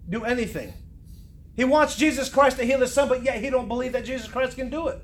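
A man's voice: high-pitched, brisk. A man preaching a fervent, emphatic sermon, repeating words for stress. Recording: echoey room, faint noise.

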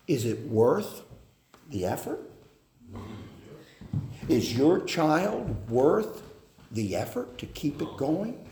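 A man preaching a sermon on family life, slow and deliberate, with hesitant fillers. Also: medium pitch, warm tone. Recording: echoey hall with faint noise.

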